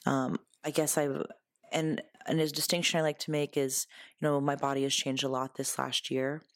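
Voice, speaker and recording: A woman's voice: low voice, dry recording, clean studio sound. A woman hosting her own podcast in a casual solo monologue, candid and blunt, swearing freely and laughing often, earnest when giving advice. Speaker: podcast host.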